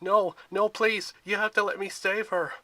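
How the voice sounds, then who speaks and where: A man voicing a desperate teenage boy hero in a storybook reading, pleading and shouting. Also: sits high, lively intonation, normal speed, husky, no room sound, pitched above the performer's own voice, exaggerated voice. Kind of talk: storybook voice acting.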